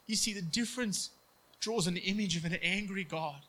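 A man preaching a sermon earnestly, acting out quoted voices in hushed tones. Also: high-pitched, moderate pace, low-quality recording.

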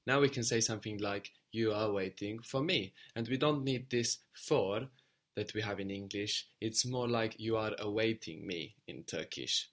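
Calm low-voiced male grammar teacher. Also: normal speed. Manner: calm, explanatory. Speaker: language teacher. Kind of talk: explaining grammar.

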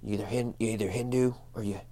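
A man's voice: lowish voice, fairly even intonation, fast talker, mellow. A man co-hosting a comedic podcast, rambling through jokes with lots of fillers and restarts. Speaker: podcast co-host.

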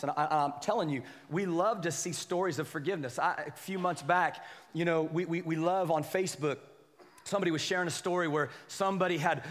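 A man's voice: fairly high pitch, in a large hall. A man preaching a casual, joking sermon, talking with animation and checking in with the congregation as he goes. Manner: animated, joking, keeps asking the crowd "right?" and "amen?". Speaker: pastor. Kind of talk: conversational sermon.

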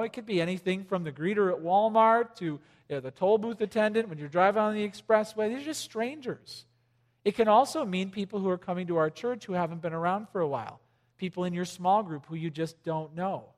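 High-voiced male preacher in a reverberant hall. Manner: conversational, joking, rising to loud emphasis. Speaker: pastor. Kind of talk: sermon.

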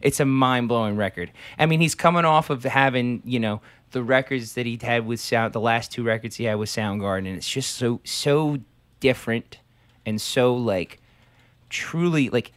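A man, a musician guest, chatting eagerly and haltingly about his set. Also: medium pitch, fairly bright tone, smooth, no room sound. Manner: enthusiastic, hesitant, many fillers. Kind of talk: casual chat.

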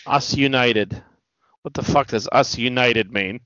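A man hosting a casual chat about movies, talking in an animated way and swearing freely. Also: mid-range voice, a little slow, dry recording. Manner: animated, swearing, quotes movie lines in mock voices. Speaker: podcast host. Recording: dull lo-fi sound, dry.

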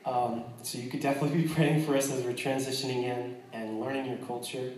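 An American man shares his testimony with a congregation, earnest but quick to joke, often restarting his sentences. He sounds set back from the mic, in a hall with heavy echo. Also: mid-range voice, fairly even intonation, a little mellow, recorded from a distance, a little hiss or hum. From United States. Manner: earnest and joking, with frequent restarts. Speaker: missionary speaking to a church.

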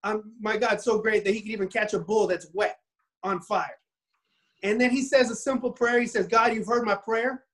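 A man casually retelling a Bible story in an animated, rambling way, often restarting his sentences. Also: high voice, normal speed, rough recording.

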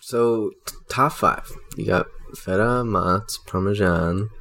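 A man hosting a comedy podcast, chatting casually and teasing his guest with drawn-out quips. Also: fairly low pitch, creaky, fairly bright tone, a little hiss or hum. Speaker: podcast host. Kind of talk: joking casual chat.

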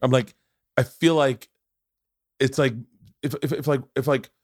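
A man's voice: medium pitch, fairly even intonation, unhurried, a little mellow, no room sound, studio quality. A man hosting a podcast, telling stories in a loose, rambling way, often restarting sentences and swearing freely. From Florida. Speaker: podcast host; comedian. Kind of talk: casual conversational storytelling.

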